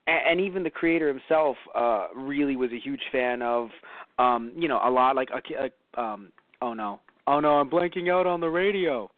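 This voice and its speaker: A man co-hosting a podcast in casual chat, animated and acting out quoted voices. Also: medium pitch, normal speed, dry recording. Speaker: podcast co-host. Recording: tinny phone-like sound, dry.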